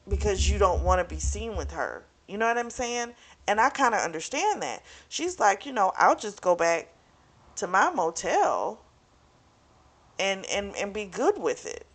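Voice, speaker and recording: A young woman casually recapping and reviewing a romance novel, chatty and frank, swearing freely and talking straight to her viewers. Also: mid-range voice. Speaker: book club vlogger.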